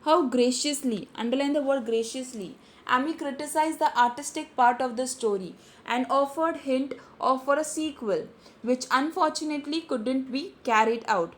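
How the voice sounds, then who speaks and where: In a high voice at normal speed, an Indian English–accented woman teaches literature online. She reads a story aloud with vocabulary instructions, in an instructive style marked by repeated phrases and frequent restarts.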